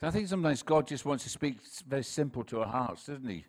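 A Scottish man in his sixties, a pastor preaching a relaxed sermon full of jokes, stories and quick restarts. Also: mid-range voice. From Scotland. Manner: chatty, self-deprecating, with frequent laughs and restarts. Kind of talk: sermon with humorous anecdotes.

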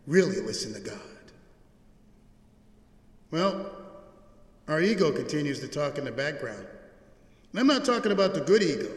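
Animated preacher man in an echoey church. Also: on the high side. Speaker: pastor. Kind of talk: sermon. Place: large church sanctuary.

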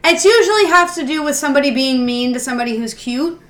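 A woman's voice: sits high, animated, quick pace, roomy sound, over a noisy crowd. A woman co-hosting a casual podcast, chatting speculatively with friends and laughing often. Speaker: podcast co-host. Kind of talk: casual chat among friends.

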